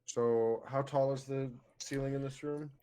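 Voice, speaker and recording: A man's voice: mid-range voice, steady tone, a little slow, dark tone, smooth. A man playing a tabletop game, explaining his moves in a casual, rambling way. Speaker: player.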